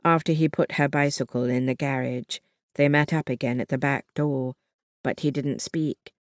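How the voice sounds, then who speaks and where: An audiobook narrator reading a historical novel in a measured, even way. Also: medium pitch, no echo, studio quality. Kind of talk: scripted narration.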